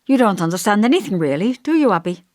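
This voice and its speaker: A woman's voice: mid-range voice, very animated, quick pace, a little mellow, dry recording, voice pushed up, natural voice. A subdued young wife, read by a woman narrator, guarded and evasive in a voice that rises and falls freely. Close and dry, with no room sound. An audiobook dialogue read without heavy character acting.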